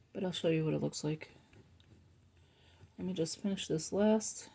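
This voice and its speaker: Her voice is lowish, gravelly and dark, with a slightly rough quality. This middle-aged planner vlogger chats loosely at home, rambling, cutting herself off, and wandering away from her point before returning to it.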